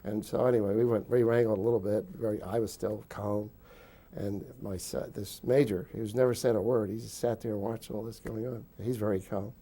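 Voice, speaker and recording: Low-voiced older man telling stories. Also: fairly even intonation, fairly quick, mellow. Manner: rambling storyteller with frequent chuckles. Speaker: interviewee. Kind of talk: recounting wartime memories.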